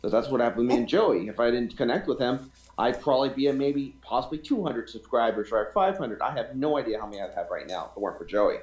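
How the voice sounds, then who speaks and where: A man guesting on a casual podcast who rattles his points off at a quick clip and leans on repetition to drive them home. His voice is mid-pitched and carries a roomy echo, as if he's talking in a bare room over a remote call. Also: animated, a little mellow. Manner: earnest, repeats himself for emphasis. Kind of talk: casual interview chat.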